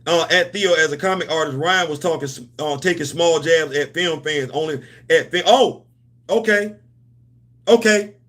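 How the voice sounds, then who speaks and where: Male host, higher than usual, AAVE, casual livestream rambling, playful banter. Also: normal speed, a bit bright. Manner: loose, repetitive, playful banter with slang. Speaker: host of a comics and culture channel.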